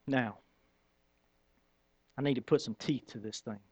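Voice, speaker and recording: A man preaching a sermon in an animated, conversational storytelling manner. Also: medium pitch, unhurried, no echo, highs cut off. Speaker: pastor.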